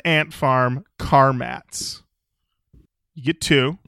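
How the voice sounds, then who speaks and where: A man co-hosting a comedy podcast, riffing in a playful mock sales pitch and acting out little scenes. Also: sing-song, slow pace, creaky, sharp tone, no room sound, clean studio sound. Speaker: podcast co-host.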